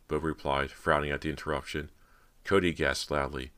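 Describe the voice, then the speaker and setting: A man narrating a horror audiobook in a steady, measured storytelling manner. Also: rumbling low.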